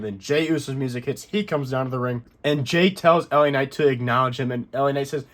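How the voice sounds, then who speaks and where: A man's voice: a little high, steady tone, fast, hardly any pauses. A man hosting a casual wrestling recap, rambling through the action and correcting himself as he goes. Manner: rambling, self-correcting play-by-play. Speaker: wrestling recap channel host.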